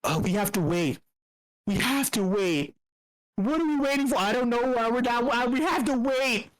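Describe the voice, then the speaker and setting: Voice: medium pitch, lively intonation, moderate pace, low-quality recording. A meetup host ranting about money with a lot of profanity. The host sounds tired, rambles, and keeps stumbling and restarting sentences. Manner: rambling, profane, stammers and restarts, mock quotes. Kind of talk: profane comedic rant on finance. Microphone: computer mic on an online meetup.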